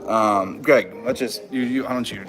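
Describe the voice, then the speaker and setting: A man's voice: medium pitch, moderate pace, music in the background, low-quality recording. A man, the host, chatting casually and hesitantly before passing the story on. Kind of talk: casual chat.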